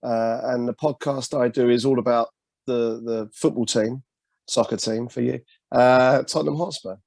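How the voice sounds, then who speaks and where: North london guy on a podcast call, gravelly voice, relaxed storytelling, no room echo. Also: medium pitch, normal speed. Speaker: podcast guest. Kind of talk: casual video-call interview. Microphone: video call.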